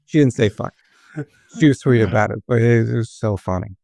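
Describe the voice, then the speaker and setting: Profane, laughing young comedian. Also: male voice, mid-range voice, fairly quick, vocal fry, dark tone, no echo. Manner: loose, profane, laughing storyteller. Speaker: podcast guest, stand-up comedian. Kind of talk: casual storytelling chat.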